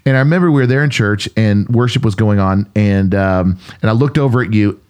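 Man, middle-aged, pastor, casual chat, earnest storytelling, low voice. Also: brisk, clear, resonant tone. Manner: earnest storytelling with restarts, animated when retelling. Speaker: pastor and podcast co-host.

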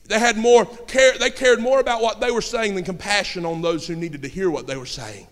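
A man preaching a sermon with folksy turns of phrase, swinging between shouting and hushed storytelling. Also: high voice, a little fast. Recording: long hall reverb.

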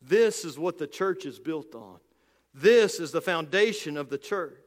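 A male pastor preaching a sermon with emphasis, slowing down and dropping low on key phrases. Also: animated, in a large hall.

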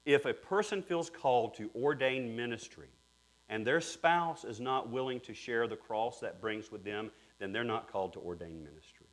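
A man preaching a sermon earnestly, dropping to hushed tones and rising to emphatic peaks. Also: mid-range voice, moderate pace. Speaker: pastor.

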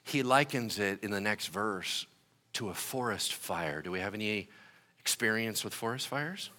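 A man's voice: on the low side, expressive, moderate pace, pushed and bright, in a large hall. A young adult man preaching a conversational sermon that builds to passionate emphasis. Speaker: pastor.

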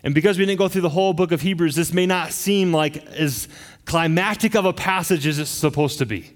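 A man's voice: sits high, long reverb tail. A middle-aged man preaching a sermon as a pastor, earnest and emphatic, often restarting his phrases.

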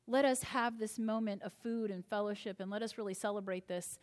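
A woman preacher voicing a calm, kindly male teacher as she retells a scripture scene, speaking softly and unhurriedly. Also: mid-range voice, brisk, long reverb tail, voice pushed down, natural voice. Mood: tender.

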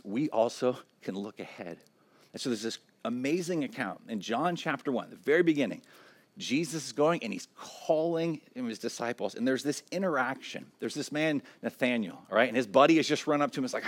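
This is a man preaching from the pulpit with an easygoing, conversational delivery. He keeps checking in with his listeners as he talks. When he gets to his main points, he builds them into emphatic declarations that repeat one after another. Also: mid-range voice. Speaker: pastor. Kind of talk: sermon.

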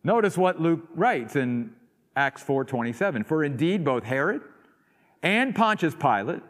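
A man's voice: sing-song, unhurried. Emphatic male preacher in echoing sanctuary. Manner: swings from loud emphatic peaks to low quiet asides. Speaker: pastor. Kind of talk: sermon. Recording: long hall reverb.

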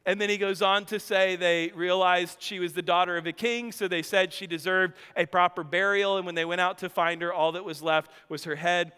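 A male pastor delivers his sermon in a high, bright and crisp voice. He tells the story dramatically and drops joking asides to the congregation. His voice rings with the long reverb of a large hall.

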